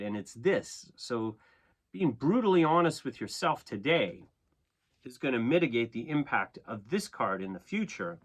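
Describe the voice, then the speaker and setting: Animated man giving a chatty tarot reading. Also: a little high, unhurried. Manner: conversational, animated, frequent "okay?" and "right?" check-ins; laughs often at himself. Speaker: tarot reader and astrologer. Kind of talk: casual spoken tarot reading.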